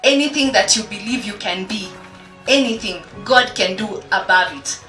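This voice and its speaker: A woman's voice: medium pitch, normal speed, bright, forceful tone, roomy sound, recorded from a distance, faint music behind. A woman from Kenya giving a faith-based encouragement speech to schoolgirls, quoting scripture. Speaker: guest speaker.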